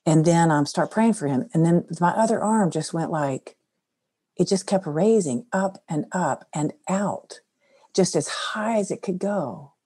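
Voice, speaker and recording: A middle-aged woman sharing a personal faith story in conversation, earnest and soft-spoken. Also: lowish voice, lively intonation, a little slow, husky. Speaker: guest.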